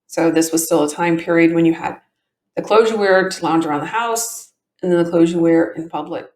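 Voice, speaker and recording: A woman's voice: fairly low pitch, fairly quick, darkish tone. A woman hosting a show, reading a court transcript aloud and adding chatty, explanatory asides, with a tinny, echoey sound. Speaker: podcast host and reader. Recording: tinny echoey home recording.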